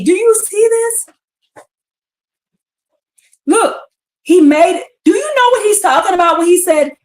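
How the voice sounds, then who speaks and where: Animated woman teaching scripture in an echoey room. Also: very high-pitched, a little slow, pauses often. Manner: animated and exclamatory, reads verses then asks the audience questions. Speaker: Bible teacher on a live stream.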